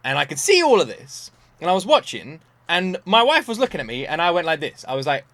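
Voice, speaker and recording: Animated man reacting to anime. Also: on the high side, fairly quick, no echo. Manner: animated storytelling, swearing freely. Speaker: reaction video host. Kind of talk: casual reaction commentary.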